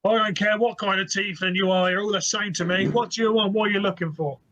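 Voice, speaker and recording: A man voicing a suspicious, gruff male dwarf shopkeeper in a tabletop game. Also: high voice, fairly even intonation, quick pace, a bit bright, muffled recording. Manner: gruff, distrustful.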